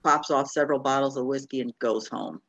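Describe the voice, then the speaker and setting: A woman's voice: rumbling low, fairly even intonation, brisk, dry recording, muffled recording. A woman playing an improv joke game on a video call, doing playful character voices in her bar jokes. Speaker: improv player.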